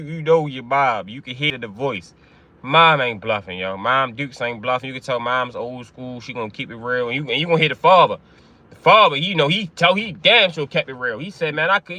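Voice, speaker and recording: A man's voice: mid-range voice, pushed and bright. A man hosting a commentary channel, talking in loose slang and repeating "you know what I mean" constantly. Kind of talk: casual commentary.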